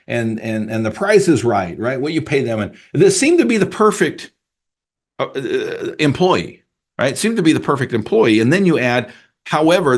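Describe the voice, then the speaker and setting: A middle-aged man hosting a podcast, telling a story with animated delivery, stumbling over repeated words and laughing at his own analogy. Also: mid-range voice. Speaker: podcast host and appraiser coach. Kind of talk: solo podcast monologue with sponsor reads.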